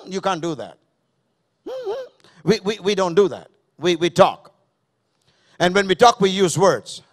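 A man's voice: high voice, animated, unhurried. A man delivers a Sunday sermon. He preaches emphatically and circles back to the same phrases. He keeps testing the congregation with direct questions. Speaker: pastor. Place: church service.

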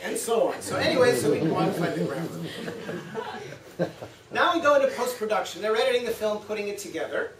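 A man giving a university talk, telling anecdotes with animated quoted voices and frequent laughter. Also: high-pitched, a little fast, a loud crowd. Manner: lively storytelling, acts out quotes, laughs often. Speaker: guest lecturer. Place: lecture room. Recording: roomy, from a distance, faint hum.

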